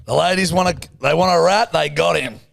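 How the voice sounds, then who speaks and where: Gravelly man, crude banter. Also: a little high, fairly quick, fairly bright tone, no echo, clean studio sound. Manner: crude, joking, teasing. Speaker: podcast co-host. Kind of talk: casual banter.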